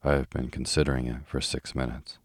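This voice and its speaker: Brief: a man reads a matter-of-fact tycoon, very low and steady, dry studio sound. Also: brisk, breathy edge, no echo, full character voice. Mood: brisk. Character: brisk decisive American male millionaire. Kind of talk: calm audiobook reading.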